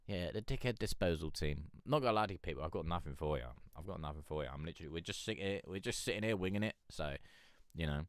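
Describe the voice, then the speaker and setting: A man's voice: sits low, animated, fast talker, few pauses, fairly bright tone, clear, resonant tone, no room sound, studio quality. A man hosting a music review stream, rambling and joking in casual chat. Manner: rambling, joking, swears, laughs a lot.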